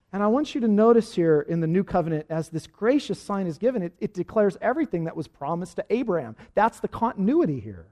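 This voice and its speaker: A man preaching a sermon, swinging from hushed, quiet lines to loud, rising passages and leading his congregation in repeating phrases. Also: fairly high pitch. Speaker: pastor.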